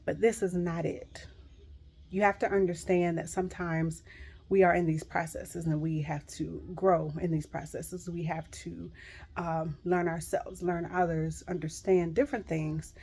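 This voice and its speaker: A woman's voice: lowish voice, little pitch movement, unhurried, darkish tone, slightly rough. A middle-aged woman giving a heartfelt devotional pep talk to viewers, earnest and emphatic, repeating reassuring phrases. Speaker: Christian encourager speaking to viewers.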